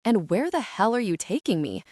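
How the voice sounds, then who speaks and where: A woman's voice: medium pitch, sing-song, normal speed, darkish tone, dry recording, clean studio sound. A woman voicing a tense male FBI agent.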